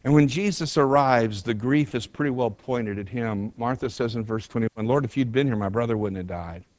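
A man's voice: mid-range voice, moderate pace, a little mellow, no room sound. A man preaching an earnest sermon, retelling a scripture story with rising emphasis. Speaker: pastor.

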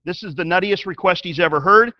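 A man preaching a sermon as a pastor. He tells the story in an animated way and swings from loud to hushed. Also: high-pitched, fast talker, dry recording, lo-fi sound.

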